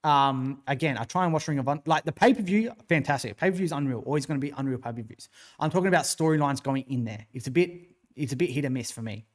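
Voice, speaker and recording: A man's voice: medium pitch, animated, quick pace. An Australian man hosting a wrestling livestream, giving opinionated, rambling commentary, answering chat and swearing freely. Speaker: wrestling show host.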